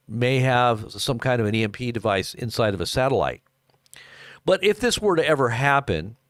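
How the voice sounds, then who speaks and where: An American man talks through live news commentary in a middle-pitched voice, rambling and circling back with fillers. The sound is dry and close, with no room around it. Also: no echo. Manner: rambling, many fillers and restarts.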